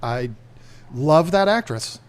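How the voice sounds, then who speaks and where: A man's voice: fairly high pitch, lively intonation, slow, clean tone. A man hosting a casual livestream, chatting and rambling to the camera and his chat. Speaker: livestream host.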